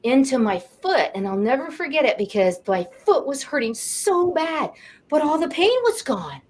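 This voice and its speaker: Talk show guest, woman, late 50s, higher voice, animated and heartfelt storyteller. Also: normal speed, a little hiss or hum. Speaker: guest, energy coach. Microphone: studio or video call mic.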